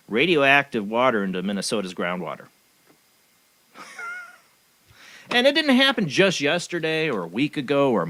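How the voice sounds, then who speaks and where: A man's voice: medium pitch, a bit bright, no echo. A man hosting a talk show, rambling along in a cynical, sarcastic way. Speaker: show host. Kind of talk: casual talk radio commentary.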